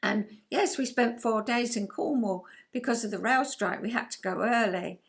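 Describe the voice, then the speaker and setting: A woman's voice: fairly high pitch, moderate pace, creaky. Older woman, from England, casual chat to camera, rambling, enthusiastic, light laughs. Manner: chatty, rambling, warmly enthusiastic with little laughs. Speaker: vlogger.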